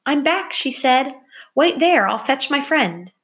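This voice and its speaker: A woman voicing a small, bold young female mouse who talks in a bossy, cheerful, high chirpy way. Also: sing-song, measured pace, a bit bright, exaggerated voice.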